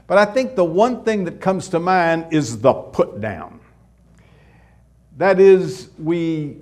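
A middle-aged pastor, his voice pitched fairly high, gives a conversational sermon. He throws out rhetorical questions and at moments goes suddenly soft.

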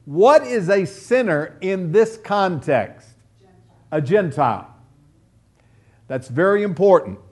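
A male preacher teaching a sermon verse by verse, emphatic and fond of rhetorical questions. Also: sits high. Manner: emphatic, pounding home points with rhetorical questions.

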